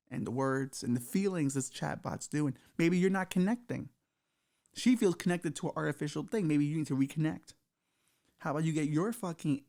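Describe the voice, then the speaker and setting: Middle-aged male podcast host, raspy fry on a higher voice, crude and self-mocking, loose comic rambling. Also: a little mellow. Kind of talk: casual comedic monologue.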